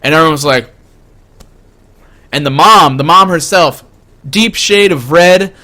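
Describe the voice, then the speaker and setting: A man streaming, telling a story casually in an excitable way, stammering and packing in fillers. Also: on the high side, measured pace.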